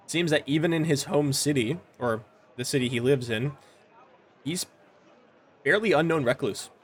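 A man running a tabletop game as game master, describing scenes in a relaxed, descriptive way with filler words. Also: a little high, normal speed, a little hiss or hum. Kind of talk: narrating a tabletop game over a call.

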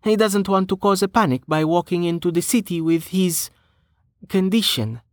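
A man voicing a brisk, practical young woman adventurer in an audiobook reading, his voice raised higher for her. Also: no echo, studio quality, lightly acted.

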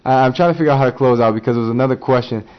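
A man's voice: mid-range voice, rapid-fire, lo-fi sound. A man hosting a casual sports podcast, insisting on his opinions and stumbling over his words as he argues. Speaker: podcast host.

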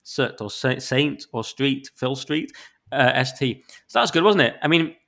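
Northern english guy on a podcast, sweary exasperated rant, voice jumps up loud now and then, getting over flu. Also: medium pitch, moderate pace, gravelly. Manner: sweary, exasperated, animated rants with sudden loud spikes. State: recovering from flu. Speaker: podcast co-host. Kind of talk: casual chat, ranting about listener reviews.

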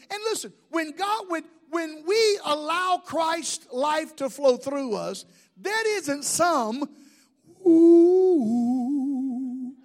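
High-voiced folksy preaching man. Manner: folksy preaching with jokes and crowd questions. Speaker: pastor. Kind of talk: sermon.

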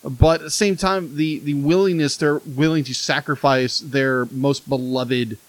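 A man co-hosting a casual review chat, easygoing and halting, laughing often. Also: mid-range voice, steady tone, no room sound, low-quality recording. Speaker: podcast co-host.

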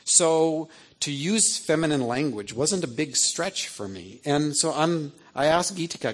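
A man in his fifties, an author telling a story to an audience in an animated, chatty way, often checking in with "right?". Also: on the high side, a little slow, hardly any pauses, breathy edge. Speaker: author and speaker.

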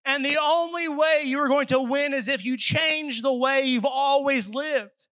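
A man's voice: very high voice, a little slow, fairly bright tone, dry recording, poor audio. A man preaching a sermon at a church service, earnest, and acting out pleading voices as he speaks.

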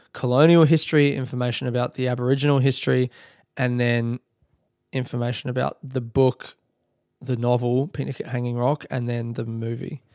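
A man's voice: mid-range voice, a little mellow, dry recording, clean studio sound. A young Australian man telling a rambling, self-deprecating story in a casual solo podcast, full of filler words. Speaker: podcast host.

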